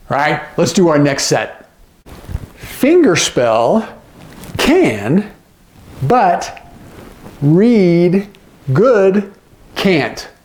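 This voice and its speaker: A man teaching sign language phrases, patiently repeating each phrase and often checking in with the viewer. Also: fairly high pitch. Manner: repeats phrases slowly, gloss by gloss. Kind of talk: instructional explanation.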